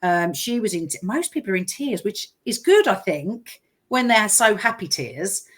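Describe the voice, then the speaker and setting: A woman's voice: medium pitch, normal speed. A woman in casual chat as a business owner, telling stories and acting out quoted voices. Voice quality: chatty storyteller, lively quoted voices.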